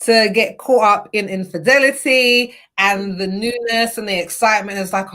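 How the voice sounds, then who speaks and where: A young British woman guests on a podcast, chatting casually and with lots of energy, acting out the thoughts she quotes. Her voice sits in the mid-range, and she talks at a moderate pace with hardly any pauses.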